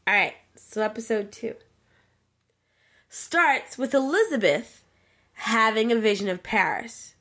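A woman co-hosting a casual chat, retelling a game's plot in an animated way with plenty of swearing. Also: on the high side, unhurried, pauses often. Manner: profane, animated storyteller. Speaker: podcast co-host.

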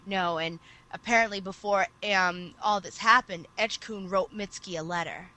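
A woman co-hosting a casual podcast, retelling an anime plot at length in an animated storytelling manner. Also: mid-range voice, moderate pace, poor audio. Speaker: podcast co-host. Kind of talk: casual chat.

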